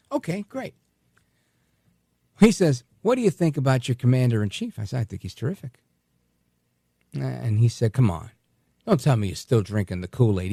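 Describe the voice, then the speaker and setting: A man's voice: medium pitch, vocal fry, a little mellow, dry recording, studio quality. A man hosting a talk radio show, telling a story in a casual monologue. He often stumbles and repeats words as he starts sentences.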